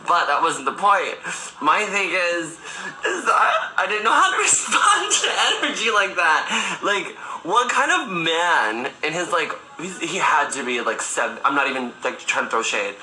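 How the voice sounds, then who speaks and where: Sassy, very bright-voiced young man. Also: on the high side, very animated, a little slow. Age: 20s. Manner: sassy, campy storytelling, swears freely, laughs often. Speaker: livestream host. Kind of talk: casual livestream chat. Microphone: phone. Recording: echoey room, faint music behind.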